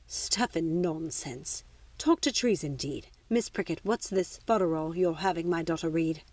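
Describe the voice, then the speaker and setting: A woman's voice: fairly low pitch, fairly quick, a little mellow, no echo, lightly acted. A woman voicing a haughty, dismissive aristocratic mother with a clipped, imperious manner.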